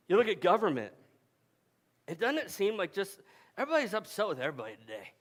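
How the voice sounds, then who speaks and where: A man's voice: high-pitched, huge pitch swings, fast, pauses often, a bit bright. A man in his forties preaching a sermon at a family camp, telling stories in a conversational way with frequent restarts. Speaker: pastor. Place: camp meeting hall.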